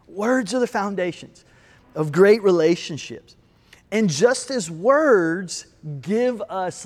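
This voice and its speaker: Slow, deliberate preaching man. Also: high-pitched. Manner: storytelling, shifts between slow emphatic lines and quick asides. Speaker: pastor. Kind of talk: sermon. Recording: long hall reverb.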